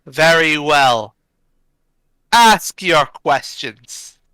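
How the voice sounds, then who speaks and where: A man voicing an ancient talking rock spirit, speaking in slow, grave, cryptic pronouncements. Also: on the high side, expressive, bright, forceful tone, smooth, no room sound, exaggerated voice, poor audio. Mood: solemn.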